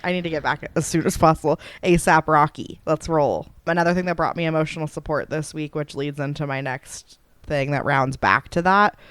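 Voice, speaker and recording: A woman's voice: sits low, fairly even intonation, brisk, fairly bright tone, smooth, no echo. A woman co-hosting a podcast in casual chat, an eager storyteller who is supportive and teasing. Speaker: podcast co-host.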